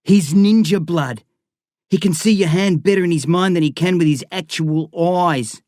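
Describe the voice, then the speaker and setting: A man voicing a rough schoolboy bully who barks and shouts orders. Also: sits high, normal speed, no room sound, clean studio sound, voice pushed up, close to an everyday voice. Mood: aggressive. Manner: barking, shouting.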